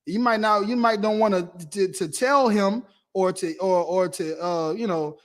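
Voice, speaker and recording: A man lecturing a class in a preaching style, repeating himself and asking "right?" often, swinging between loud emphasis and quiet murmur. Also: high voice, measured pace. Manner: preachy, repetitive, asks "right?" and "you understand?". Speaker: class teacher.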